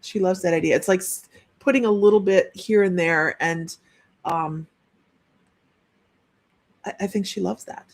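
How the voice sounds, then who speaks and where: A woman's voice: fairly low pitch, unhurried, long pauses. A woman working as a psychic medium, giving a chatty live-streamed reading and relaying messages with frequent restarts.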